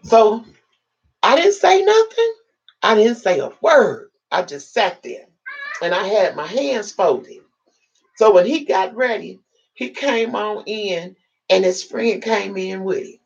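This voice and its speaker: A woman's voice: mid-range voice, slow pace, gravelly, husky, highs cut off. A woman hosting a live video, telling an emotional personal story to her viewers and acting out what people said. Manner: dramatic, animated retelling with acted-out quotes. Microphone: live video chat setup.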